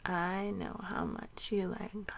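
Slow whispered role-play woman, gravelly. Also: fairly low pitch, huge pitch swings, very noisy. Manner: soft, breathy, murmuring and giggly. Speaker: audio role-play performer.

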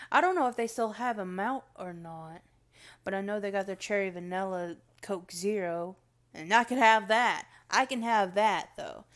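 A woman reviewing sodas in a rambling, self-correcting casual monologue, her words a little slurred. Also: mid-range voice. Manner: rambling, restarts often, talks to herself; slightly slurred. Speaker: soda review vlogger.

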